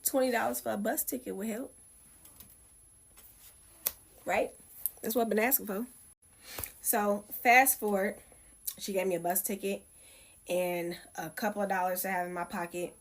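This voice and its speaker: Woman telling her story, mid-pitch, plain and chatty. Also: steady tone, moderate pace. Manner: casual, conversational retelling. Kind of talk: personal storytelling.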